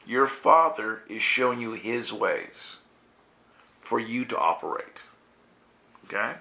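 A man preaching a lively sermon to listeners, telling stories with laughter and acting out the voices of the people in them. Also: fairly low pitch, takes it slowly, creaky. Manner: animated, laughing, acts out quoted voices.

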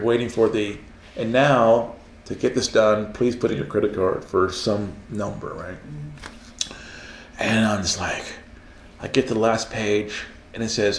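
A man, a self-published Christian author, telling a story in casual conversation and acting out the voices he heard. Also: fairly low pitch. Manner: animated, laughing storyteller who acts out voices. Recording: roomy echo, faint background noise.

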